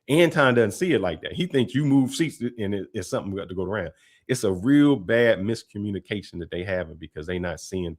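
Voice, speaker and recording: Low-pitched male commentator, casual and talkative, reacting to a clip. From Detroit, Michigan. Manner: relaxed, chatty, slangy delivery with laughs.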